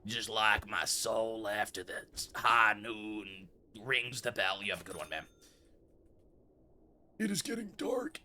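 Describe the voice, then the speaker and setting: A man's voice: on the low side, steady tone, measured pace, few pauses, bright, forceful tone. A man giving casual gameplay commentary while role-playing a polite old-west shopkeeper in a put-on regal accent. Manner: role-plays a polite old-west shopkeeper, addressing customers as sir and ma'am. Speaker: streamer playing a shop game.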